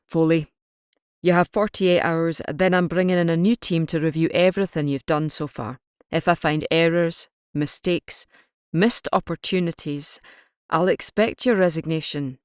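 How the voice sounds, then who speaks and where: Gruff male Scottish police chief voiced by a woman, sarcastic, audiobook, lowish, dry. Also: a little slow, dry recording. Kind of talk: audiobook character reading.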